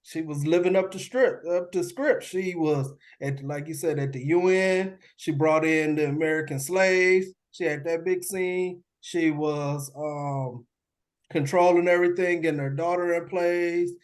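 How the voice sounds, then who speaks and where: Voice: medium pitch, unhurried. Movie podcast panelist, mid-range voice, exasperated, indignant questions, casual talk. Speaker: film review panelist.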